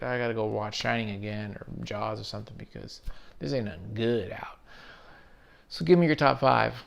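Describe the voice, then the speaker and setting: A man with a gravelly, creaky voice rambles loosely through a story, tossing in casual swears along the way. His delivery is a relaxed late-night chat as host of his own channel. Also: mid-range voice, a little hiss or hum. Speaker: video essay host.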